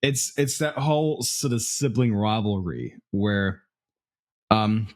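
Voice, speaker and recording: Man, New Zealand accent, podcast guest, casual self-mocking chat, laughs often. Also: on the low side.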